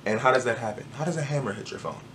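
A man telling a personal story to camera in a casual, animated, joking way. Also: medium pitch, rapid-fire, a little hiss or hum. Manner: animated, joking, acts out moments. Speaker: vlogger.

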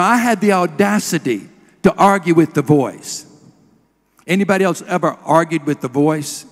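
Middle-aged male preacher, earnest storyteller, slightly high voice, long hall reverb. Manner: earnest storytelling, drops to a hush at emotional moments. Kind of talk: sermon.

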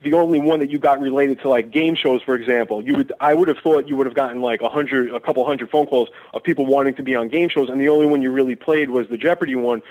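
A man's voice: mid-range voice, quick pace, few pauses. A man, a fan calling into a radio show, asking questions with many hesitations and fillers. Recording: tinny phone line.

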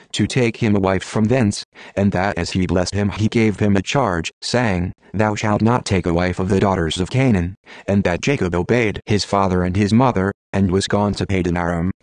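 A synthetic male text-to-speech voice reading scripture in an even, measured way. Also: low-pitched, no room sound. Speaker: Bible reader.

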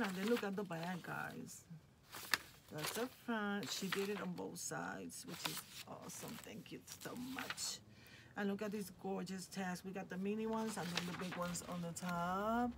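On her craft channel, a woman from Puerto Rico enthusiastically raves about the supplies she's unboxing. She speaks with a fairly low voice and vocal fry, and the recording has noticeable background noise.

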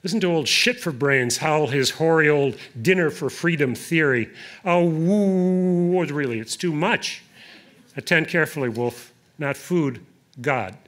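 A man's voice: fairly high pitch, moderate pace, fairly bright tone, close to an everyday voice. A man voicing a scornful tame male house dog who mocks the wolf. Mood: mocking.

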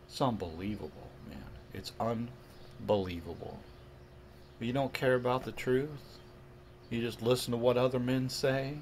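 A man preaches straight to his audience, reading scripture word by word with heavy emphasis. He drifts into mocking, conversational asides between verses. His delivery stays slow and deliberate over a faint hiss of background noise. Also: medium pitch, darkish tone. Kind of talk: video sermon commentary.

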